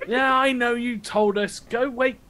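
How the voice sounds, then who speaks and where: A man playing a tabletop game, speaking in a brisk, practical way. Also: very high voice, steady tone, pushed and bright. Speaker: player.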